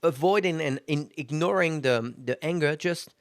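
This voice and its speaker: Gravelly-voiced man hosting a solo podcast. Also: on the high side, moderate pace, no echo, studio quality. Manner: conversational, self-reflective, frequent fillers. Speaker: podcast host. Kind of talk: casual solo podcast monologue.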